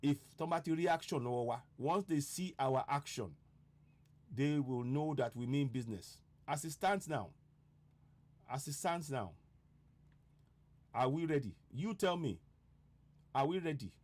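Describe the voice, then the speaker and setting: Guy ranting urgently on his online broadcast, bit high voice, keeps asking are we ready. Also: measured pace, pauses often, darkish tone. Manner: urgent, repeats rhetorical questions. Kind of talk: impassioned political broadcast.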